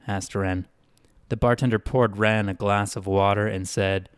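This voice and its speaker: A man reading a scripted story in an even, measured way. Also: on the low side, smooth, no echo, studio quality. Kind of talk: scripted narration.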